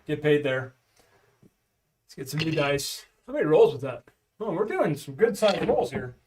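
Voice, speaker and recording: A man's voice: a little high, sing-song, moderate pace, a little mellow, recorded from a distance, slight background noise. Man calling dice rolls on stream, off-mic. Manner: chatty, calls out dice rolls and bets. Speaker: streamer practicing craps. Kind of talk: casual live-stream chat. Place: home.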